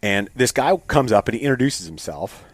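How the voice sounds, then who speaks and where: A man telling stories as a podcast guest in a casual, animated way, full of fillers and restarts. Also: fairly low pitch, fairly quick, no room sound, studio quality. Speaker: podcast guest, state game bird biologist. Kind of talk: casual storytelling in an interview.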